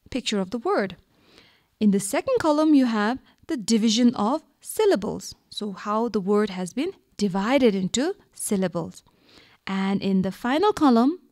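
A woman teacher from Bhutan giving a radio lesson to young children, slow and patient, asking questions and answering them herself. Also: a little high, darkish tone, no room sound, clean studio sound. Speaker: primary school teacher.

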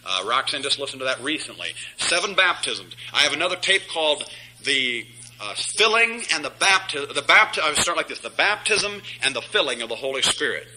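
A man's voice: medium pitch, big pitch swings, brisk, background noise. A middle-aged man preaching an emphatic Bible study sermon as pastor, chuckling at his own jabs.

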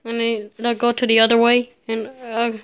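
A woman's voice: a little high, monotone, moderate pace. Jittery woman narrating a horror game. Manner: frightened, jittery, nervous laughs. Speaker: gamer.

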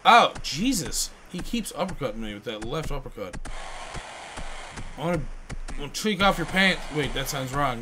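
Let's-play host, man, bright edge, raised pitch, crude excitable joking over faint noise. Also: moderate pace. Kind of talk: gameplay commentary. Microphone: headphones on, home setup.

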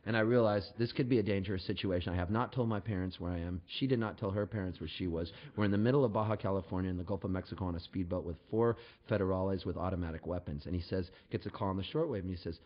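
A man spins a funny story for a live crowd, animated and jokey as he builds to each punchline. His voice sits on the low side. The recording is dull and lo-fi. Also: fast talker, few pauses. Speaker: singer-songwriter telling a story on stage.

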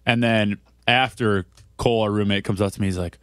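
A man's voice: on the low side, a little fast, dry recording, studio quality. A young man, a baseball player guest, talking casually with lots of fillers. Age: young adult. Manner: relaxed, filler-heavy. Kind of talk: casual interview chat.

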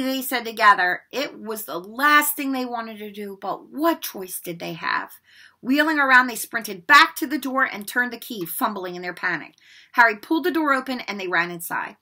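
A woman reads a children's novel aloud with lots of expression, acting out the dialogue. She raises her voice high for the boys' lines and drops it low when the story turns suspenseful.

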